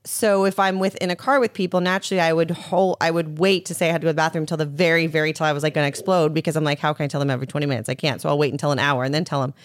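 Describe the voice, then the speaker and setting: A woman speaking as a guest, telling a personal story quickly and frankly, with many "like"s. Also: low-pitched, fairly even intonation, no echo. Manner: rapid, frank, peppered with "like".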